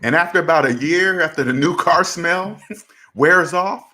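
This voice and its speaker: A man's voice: on the high side, a little slow, bright, forceful tone. A man hosting a personal finance channel, talking emphatically and repeating his points to drive them home. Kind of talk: casual commentary to camera.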